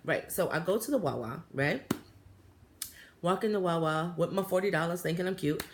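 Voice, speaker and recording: A woman, talking casually to camera in a chatty, animated way. Her voice sits a little low for a woman, and she fills her story with fillers and little asides to her viewers. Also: moderate pace, background noise. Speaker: vlogger.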